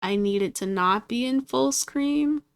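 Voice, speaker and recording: Recorded with clean studio sound and no echo, a woman's clear, resonant voice sits on the high side, a little slow and creaky. She's a gaming streamer talking casually to herself at her computer, exasperated and swearing at the game.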